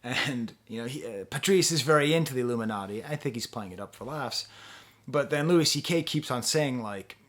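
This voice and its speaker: Male reviewer, mid-pitched, thoughtful and halting, frequent laughs. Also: expressive, fairly bright tone. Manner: musing, hesitant, laughs often. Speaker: music reviewer. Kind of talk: casual spoken album review.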